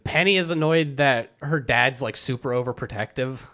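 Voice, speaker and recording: A man's voice: mid-range voice, moderate pace, bright, forceful tone. A man co-hosting a podcast, casually recapping a game's story and acting out the characters' lines. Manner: retells the story animatedly, acting out quotes. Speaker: podcast co-host. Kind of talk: casual chat recapping a game.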